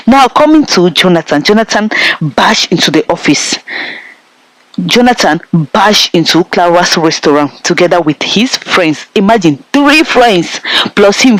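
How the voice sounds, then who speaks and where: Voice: medium pitch, a bit bright, dry recording, rough recording. A Nigerian-accented film reviewer giving an emphatic, repetitive plot recap and talking straight to viewers. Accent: Nigerian English. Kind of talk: casual plot recap with commentary.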